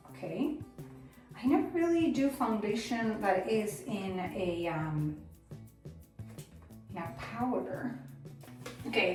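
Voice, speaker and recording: A woman chatting through a casual beauty product review, excitable and self-deprecating about her makeup skills. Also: fairly high pitch, recorded from a distance. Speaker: beauty vlogger. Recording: roomy echo, off-mic, faint music.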